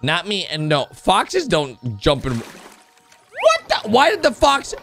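A young man with a high, very lively voice reacts to cartoons as the host, swinging from chatty commentary to sudden shouts. Faint music plays underneath. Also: a little slow, gravelly. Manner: excitable, shouts and gasps at surprises, talks to viewers.

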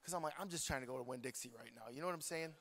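A man's voice: medium pitch, racing. A man preaching a sermon, telling a story with jokes and calling out to the congregation. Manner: animated, joking, talks to the congregation. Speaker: pastor. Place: large church hall. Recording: long hall reverb.

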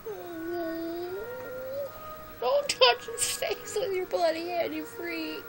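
A woman's voice: very high voice, animated, a little slow, over music. A woman reacting to a video game, crying and blurting out emotional reactions at the screen. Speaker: gaming channel host reacting to a game. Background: game audio.

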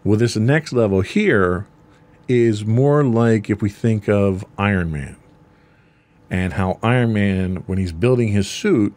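A man's voice: on the low side, slow pace, darkish tone. A man co-hosting a podcast, casually explaining ideas with everyday examples and frequent ums. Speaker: podcast co-host.

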